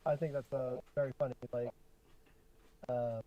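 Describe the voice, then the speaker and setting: A middle-aged man co-hosting a podcast with his son, reading a letter aloud slowly and chatting between passages. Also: mid-range voice, little pitch movement. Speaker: podcast co-host, father. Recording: dull lo-fi sound.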